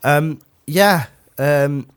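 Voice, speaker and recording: A man's voice: on the high side, drawn-out words, clear, resonant tone. A young man co-hosting a casual gaming chat who tells school stories and teases his friend with lots of laughter. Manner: teasing, giggly storyteller. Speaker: co-host.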